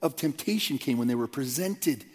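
A man's voice: medium pitch, lively intonation, moderate pace. A man giving a conversational, earnest sermon as a pastor, with frequent fillers and restarts. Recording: long hall reverb.

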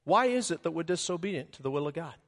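Animated male preacher in a reverberant hall. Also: fast. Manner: animated preaching with sudden loud, high bursts and acted asides. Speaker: pastor. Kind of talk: sermon.

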